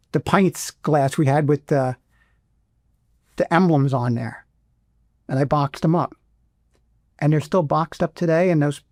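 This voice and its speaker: Middle aged vet guy in an interview, emotional, keeps restarting, gravelly voice, dry sound. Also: fairly high pitch, a little mellow, no echo. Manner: emotional, halting, many restarts. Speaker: veteran interview guest.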